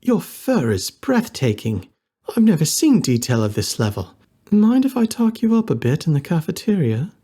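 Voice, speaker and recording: A brash young woman in a fox costume who swears and waves people off, as a male narrator voices her. Her voice is pitched high above a man's usual range. The delivery is blunt and careless, an audiobook character. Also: very animated, moderate pace, warm tone, breathy edge. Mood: admiring.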